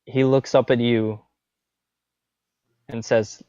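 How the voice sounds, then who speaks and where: A man's voice: medium pitch, fairly even intonation, takes it slowly, a little mellow, smooth, no room sound, dull audio. A man narrating as a tabletop game master in a loose style, full of fillers like "um" and "like".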